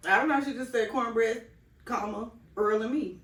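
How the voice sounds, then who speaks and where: A woman's voice: a little high, moderate pace, a bit bright. Chatty woman co-host, roomy sound. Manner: chatty, reads out others' answers. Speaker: podcast co-host. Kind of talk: casual chat. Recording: roomy, distant mic.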